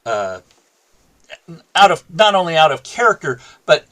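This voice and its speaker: His pitch is on the high side and swings widely, the pace a little slow and the tone fairly bright. A former teacher on a talk show, he tells a story from his class and plays out both sides of what was said.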